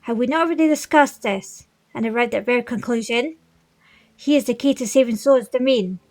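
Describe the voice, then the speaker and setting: A woman reading the lines of an earnest young male fish-folk prince from a video game, polite and steady, in a fairly high voice. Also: fairly quick, lightly acted.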